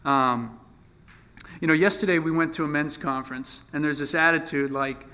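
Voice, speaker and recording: Bright-voiced man preaching casually. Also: fairly high pitch, moderate pace. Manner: conversational, folksy preaching with fillers. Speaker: pastor. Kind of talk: sermon.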